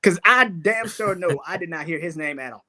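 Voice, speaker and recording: A young man co-hosting a casual sports talk show, voice sitting a touch high, ranting about his team with loud laughs and a heavy dose of profanity. He speaks in a loose, animated, conversational way. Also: moderate pace.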